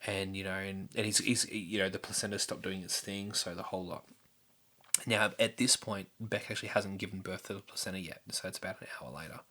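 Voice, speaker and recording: Rambling man with a bright voice. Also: deep voice, steady tone, brisk. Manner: rambling, candid, with frequent fillers and restarts. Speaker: podcast host. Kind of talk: personal storytelling.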